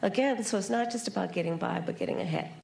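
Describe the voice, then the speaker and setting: A woman with a gravelly edge and a mid-range pitch answers an interview question. She is earnest and measured and speaks in personal terms. The room around her is noticeably echoey. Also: a little mellow. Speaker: politician in an interview.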